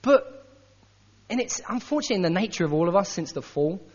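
Animated preaching man in a reverberant hall. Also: high voice, fast talker, husky. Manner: animated, conversational, acts out quotes. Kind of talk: sermon. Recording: dull sound with long hall reverb.

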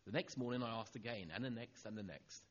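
A middle-aged man preaches a sermon built around a personal story, acting out the dialogue and turning soft and low for the tender lines. He talks fast, and the sound is lo-fi.

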